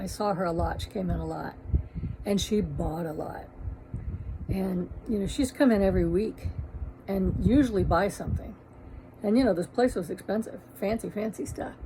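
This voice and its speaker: A woman shop owner telling a funny anecdote in a lively, casual way with salty humor. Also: mid-range voice, normal speed, vocal fry, background noise.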